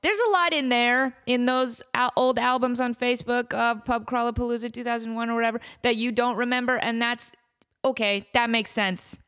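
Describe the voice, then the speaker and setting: A woman in her thirties hosting a podcast in casual chat, animated and joking at her own expense. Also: a little high, normal speed, clear, resonant tone. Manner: animated, self-mocking, joking. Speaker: podcast host.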